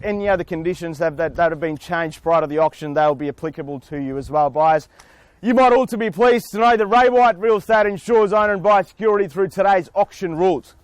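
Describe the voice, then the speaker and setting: A man, an auctioneer, speaking outdoors in front of a house with booming salesman patter and long theatrical pauses. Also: dry recording. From Australia. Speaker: real estate auctioneer.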